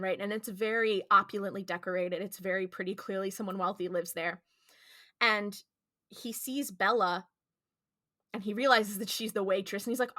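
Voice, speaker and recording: A woman's voice: mid-range voice, bright, forceful tone, no echo, studio quality. A woman co-hosting a podcast, retelling an episode in casual chat and acting out the characters' lines. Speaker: podcast co-host.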